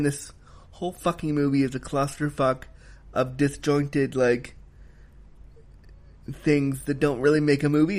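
A man giving a casual spoken film review, emphatic and heated, swearing freely as he rants. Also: medium pitch.

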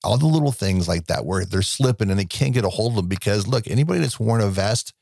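A man's voice: lowish voice, expressive, fast, gravelly, darkish tone, no echo, studio quality. A man chatting about a film on a podcast, enthusiastic and rambling, swearing freely. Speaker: podcast co-host. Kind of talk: casual movie discussion.

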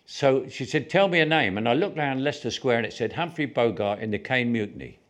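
A man's voice: mid-range voice, brisk. A man in his eighties with a Cockney accent, telling stories in a casual interview. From South London, England. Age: 80s. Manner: chatty storyteller, laughs at own jokes. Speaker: interviewee, actor.

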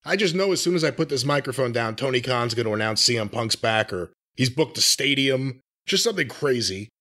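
A man's voice: mid-range voice, expressive, brisk, sharp tone. A man hosting a podcast in a casual way, wry and jokey as he steers the talk. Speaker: podcast host.

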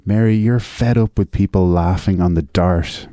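A man's voice: sits low, moderate pace, warm tone, no room sound, studio quality. A man hosting a comedy call-in show, patiently steering callers with "look" and "right". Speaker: radio call-in host. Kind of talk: improvised comedy talk radio.

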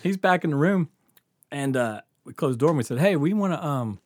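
Animated man telling a profane story. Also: medium pitch, fairly quick, no room sound. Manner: animated, laughing, acts out others' lines.

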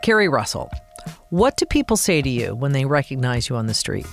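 A woman from Colorado hosting a podcast, reading a scripted season wrap-up in a measured, appreciative way. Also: a bass voice, very animated, faint music behind. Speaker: podcast host.

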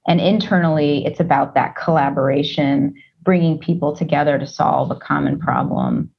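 A woman interview guest who leads a team, speaking in a thoughtful, measured way with frequent fillers. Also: sits low, lively intonation, creaky, breathy edge, highs cut off. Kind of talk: casual interview.

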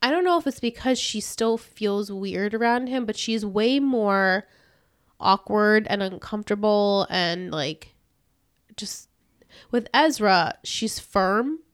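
A woman's voice: medium pitch, animated, takes it slowly, smooth, no room sound, studio quality. A woman co-hosting a podcast, recapping a TV episode in casual chat, rambling and laughing often. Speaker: podcast co-host.

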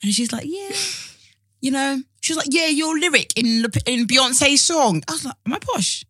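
A young woman with an Essex accent telling an animated story in casual chat, swearing and acting out what people said. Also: high-pitched, normal speed, no room sound, studio quality. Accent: Essex English. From Essex, England. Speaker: guest.

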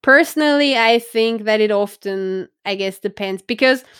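A woman's voice: on the high side, moderate pace, a bit bright, clear, resonant tone, no echo, studio quality. A woman hosting a podcast in casual chat, frank and blunt, thinking aloud and checking in with "right?". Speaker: podcast host.

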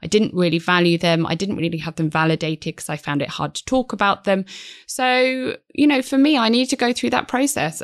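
A woman in her thirties appears as a podcast guest in a conversational interview, speaking earnestly and reflectively and acting out inner voices. Her voice is medium-pitched and gravelly, and the recording is clean studio sound with no room ambience.

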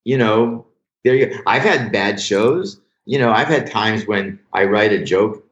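Male comedian, animated storyteller, coarse, roomy muffled recording. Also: fairly low pitch, measured pace. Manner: animated storyteller, acts out quotes, swears freely. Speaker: comedian and joke writer. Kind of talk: casual storytelling interview.

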